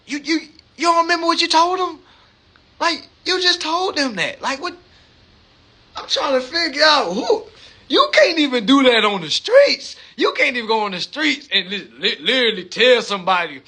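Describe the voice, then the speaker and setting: A man hosting a live stream, giving a profane, animated monologue full of street slang, repeated words and rhetorical questions. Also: extremely high pitch, moderate pace, slightly rough. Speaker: livestream host.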